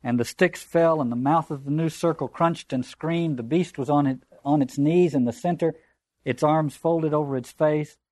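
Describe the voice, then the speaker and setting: A man's voice: fairly high pitch, normal speed, a little mellow, no room sound. Guy lecturing on a novel, thoughtful and rambly, dry close sound. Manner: reflective, digressive, conversational asides. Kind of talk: literature lecture with read-aloud passages.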